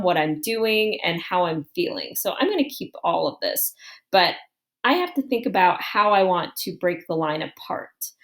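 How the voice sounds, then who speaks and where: A woman teaching a writing lesson, thinking aloud in a calm, explanatory way as she walks through an example on screen. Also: mid-range voice.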